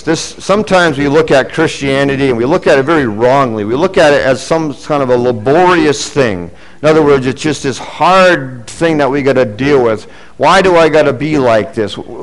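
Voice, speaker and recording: A middle-aged man preaching a sermon as pastor, earnest, rising for emphasis and dropping low and quiet for asides. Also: low-quality recording.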